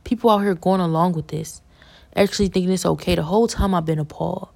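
A woman with a low, gravelly voice gives an impassioned religious testimony as a podcast guest. She talks in a fervent, preachy way and circles back over the same points again and again. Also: fast, darkish tone.

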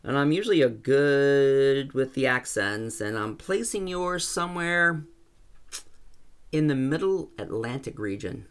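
Guy putting on a gruff old ranch man, blunt and teasing, a bit higher and louder than the narrator. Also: expressive, measured pace, lightly acted. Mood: folksy. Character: folksy older male Wyoming rancher, blunt and joking.

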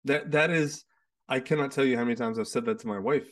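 A man's voice: mid-range voice, quick pace, a bit bright, far from the mic. A man hosting a casual, heartfelt conversation, rambling with lots of restarts and fillers. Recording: sits away from the mic.

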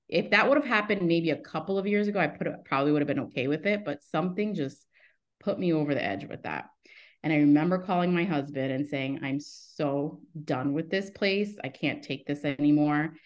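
A woman in her thirties, a podcast guest telling her story in a casual, rambling way, breaking off mid-sentence and acting out the lines of people in it. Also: deep voice. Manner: rambling, self-interrupting storytelling; acts out quoted dialogue in her stories. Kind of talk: casual interview chat.

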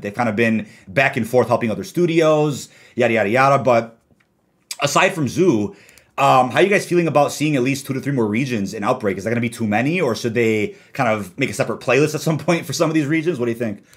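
A young man hosts a casual gaming podcast from home over a call. He talks quickly and argues with animation, stacking up his points. His pitch sits in an ordinary middle range. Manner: rapid, animated, argumentative. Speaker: podcast host.

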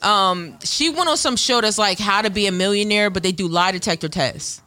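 A woman's voice: medium pitch, normal speed. A woman in casual podcast chat, animatedly retelling celebrity gossip with plenty of profanity. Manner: animated storytelling, profane, mimics people.

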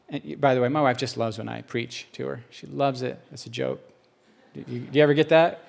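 A man's voice: medium pitch, fairly even intonation, fairly quick, gravelly. A male pastor preaching a conversational sermon with self-deprecating humor.

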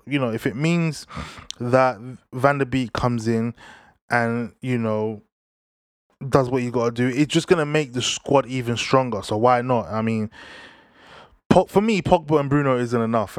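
Young man, football chat, slangy, animated, dry close sound. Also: medium pitch, dry recording. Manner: animated, slangy, talks straight to viewers. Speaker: football vlogger. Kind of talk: casual football transfer commentary.

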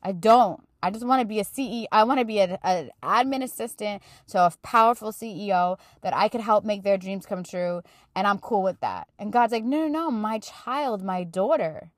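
A woman hosts her podcast with spontaneous, heartfelt faith talk, urging her listeners on. Her voice sits at an ordinary middle pitch and turns tearful at times. The sound is dry and close to the mic. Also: brisk, hardly any pauses, no echo. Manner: emotional, earnest, preaching to listeners. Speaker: podcast host.

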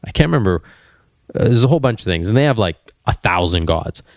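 Brief: young male podcast host, lowish voice, dry close sound, rambling storyteller. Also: quick pace, vocal fry, dry recording. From Canada. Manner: rambling, animated anecdote-telling with frequent restarts. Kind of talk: casual travel storytelling.

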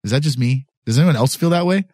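A man's voice: mid-range voice, expressive, quick pace, darkish tone, no room sound. A young man hosting a casual podcast in a small studio, loose and joking, rambling with restarts. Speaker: podcast host.

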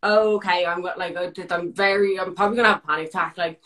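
A young woman with an Irish accent, a guest telling a story in casual chat, animated, swearing freely and full of "like" fillers. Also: fairly low pitch, fast.

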